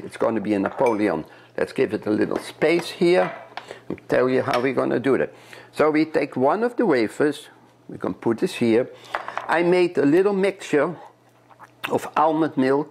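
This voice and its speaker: A man's voice: mid-range voice, gravelly, a little mellow, a little hiss or hum. A man from Europe, a chef, chatting step by step through a cooking demonstration in a kitchen and often repeating his words.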